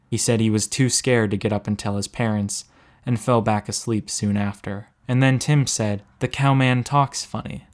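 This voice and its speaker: A man narrating a story aloud in a steady, measured way, slowing down for suspense. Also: lowish voice.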